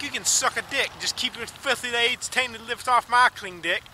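A man with an unusually high voice rants bitterly into his camera, swearing hard and breaking into shouts. He is outdoors, and loud traffic noise runs behind him the whole time. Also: moderate pace, low-quality recording. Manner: bitter, profane, shouting in bursts. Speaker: vlogger. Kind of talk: angry ranting monologue to camera. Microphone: handheld camera.

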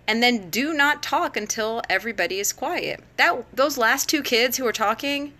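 Woman, middle-aged, bright and chatty host, live-stream advice talk, easy laughs. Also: fairly high pitch, moderate pace. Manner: conversational, frequent laughs and fillers. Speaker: teacher and education blogger. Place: home, live phone broadcast.

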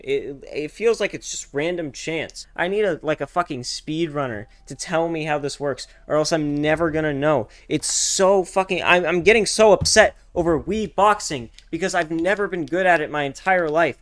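A young man giving casual, profane gameplay commentary, swinging from loud excited outbursts to low muttering. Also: moderate pace, hardly any pauses. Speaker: gaming streamer.

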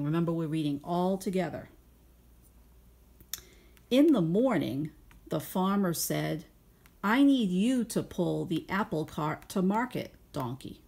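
A woman teacher reading a picture book aloud to young children at home over video, stopping to ask gentle guiding questions and explain her thinking patiently. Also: deep voice, creaky, breathy edge.

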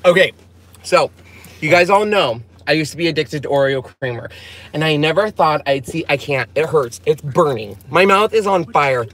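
A woman's voice: low-pitched, lively intonation, normal speed, a bit bright. A woman hosting a casual vlog from a car, melodramatic and complaining about a burning mouth. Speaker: vlog host. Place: inside a car.

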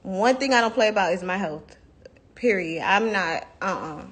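A woman's voice: mid-range voice, lively intonation, normal speed, fairly bright tone, slightly rough. Blunt, profane young woman ranting on a phone. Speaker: livestream host. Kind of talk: heated casual livestream rant.

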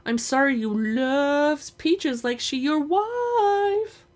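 A woman's voice: high voice, expressive, extremely slow, a little mellow, voice pushed up, full character voice. A woman voicing a cheeky little girl who teases her older brother in a singsong way. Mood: teasing. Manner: singsong, teasing. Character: cheeky little girl, teasing younger sister.

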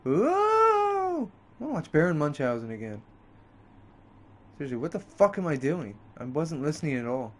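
A man's voice: lively intonation, a little fast, pauses often. A man playing a video game and commenting on it, frustrated and swearing a lot, his voice jumping up when he snaps. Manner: frustrated, heavy swearing, pitch jumps up in outbursts. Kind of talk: let's play commentary.

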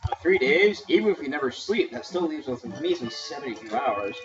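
A man's voice: medium pitch, big pitch swings, fairly quick. A young man playing through a game, explaining it and scolding his co-host. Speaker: let's play player. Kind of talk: casual gaming banter. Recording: lo-fi with loud game music.

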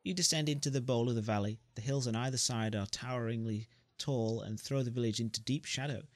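A man's voice: mid-range voice, brisk, dry recording. Man narrating his story-game playthrough, joking asides, mid voice, dry close sound. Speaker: gamer. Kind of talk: reading a story game aloud.

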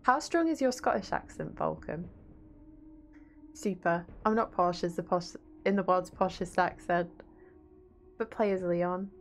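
A woman with a Yorkshire accent streams a video game, chatting casually with viewers, reading chat aloud and swearing freely. Her voice is lowish and unhurried, with a little hiss or hum.

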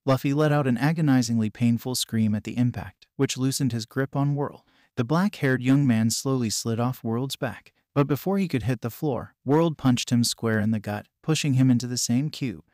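A male narrator reads fan fiction in an even, flat manner. His pitch sits in the middle range, and the recording is dry and close. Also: normal speed, few pauses, no room sound. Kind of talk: read-aloud fanfiction narration.

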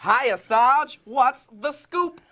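A man's voice: very high-pitched, expressive, drawn-out words, pushed and bright, heavily acted. An actor playing a goofy male police detective who keeps telling corny jokes and laughing at them. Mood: cocky. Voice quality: giggly, punning. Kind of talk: sketch comedy acting.

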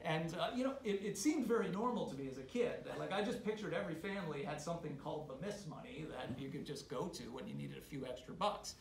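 A man telling a funny family story to a club audience, animated and halting, with many restarts. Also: on the high side, creaky. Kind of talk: casual spoken storytelling. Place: meeting room. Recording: roomy hall sound, faint noise.

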